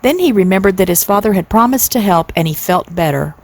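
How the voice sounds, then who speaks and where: A woman in her sixties reads a children's story aloud with gentle, steady pacing. Her voice sits at an ordinary medium pitch for a woman, calm and clear in the telling. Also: brisk, no room sound. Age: 60s. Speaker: storyteller, channel host. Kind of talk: reading a children's book aloud.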